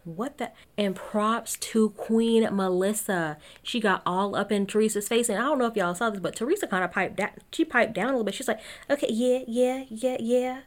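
A woman's voice: mid-range voice, brisk, hardly any pauses. A young woman giving a casual, opinionated recap of a reality TV show, laughing often and talking to her listeners as y'all.

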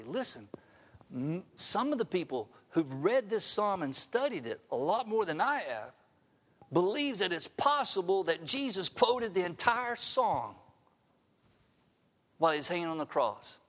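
Slow-preaching older man pastor. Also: a little high, fairly bright tone. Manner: earnest, asks the audience direct rhetorical questions. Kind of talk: sermon. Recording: long reverb of a large hall.

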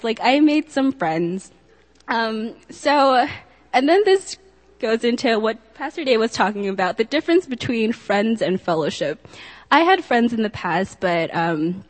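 A woman's voice: a little high, big pitch swings, measured pace. A young woman sharing a personal testimony with a church group, chatty and earnest, with lots of ums and likes. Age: young adult. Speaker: student giving a testimony. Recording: long hall reverb.

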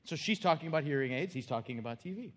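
Conversational pastor with long reverb. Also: male voice, a little high, lively intonation, very fast, fairly bright tone. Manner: conversational storytelling, plain and earnest. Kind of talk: sermon.

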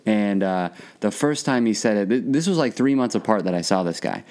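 Young dude host, lowish voice, swears a lot, animated storytelling. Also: male voice, brisk. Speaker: podcast host. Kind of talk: casual comedic chat.

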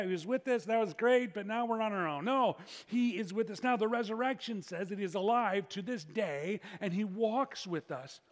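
A man preaching as pastor, telling stories with frequent restarts and hushed dramatic drops. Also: high voice, big-room sound. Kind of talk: sermon.

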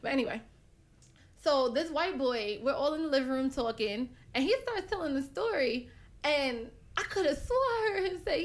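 A woman telling a story on a casual podcast, animated, cursing freely and acting out quotes. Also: high voice, moderate pace. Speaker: podcast host.

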